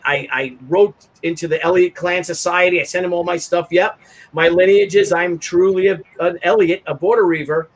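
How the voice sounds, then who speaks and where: High-voiced man telling a rambling story. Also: poor audio. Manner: rambling, animated storytelling with frequent restarts. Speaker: show host. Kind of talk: casual chat.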